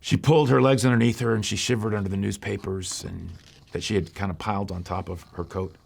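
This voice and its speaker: A man, a pastor, telling a story in a sermon with conversational asides and hushed, dramatic pauses. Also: on the low side, fairly even intonation, vocal fry, breathy edge.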